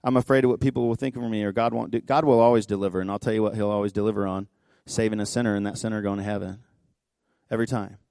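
A man pastor giving a sermon in a church, telling a story conversationally with quick asides. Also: fairly low pitch, fairly even intonation, vocal fry, dry recording. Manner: impassioned, rising to near-shouting pleas. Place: church sanctuary.

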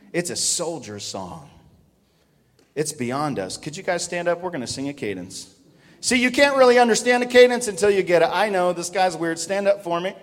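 A man preaching a sermon to his congregation, at times breaking into a loud shouted drill cadence. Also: on the high side, in a large hall. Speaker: pastor. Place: church sanctuary.

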